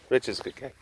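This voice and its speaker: Slow-talking man, playful vlog host. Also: a bit bright. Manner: playful, rambling, repeats himself. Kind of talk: casual outdoor vlog chat.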